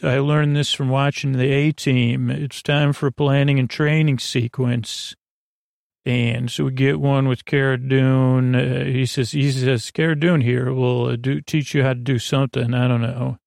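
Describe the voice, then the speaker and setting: A man with a gravelly, creaky voice at an ordinary pitch, recapping an episode for a bedtime show. He wanders and stumbles through it with lots of fillers and self-corrections, dropping dry, offhand jokes. The sound is close and dry. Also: a little mellow, no echo. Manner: meandering, halting, with many fillers and self-corrections. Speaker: podcast host.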